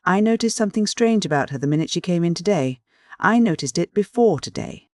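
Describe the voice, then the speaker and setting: A reader voicing a blustering, angry old uncle in an audiobook, gruff and snorting. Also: mid-range voice, lively intonation, fairly quick, darkish tone, dry recording, studio quality, voice pushed up, close to an everyday voice.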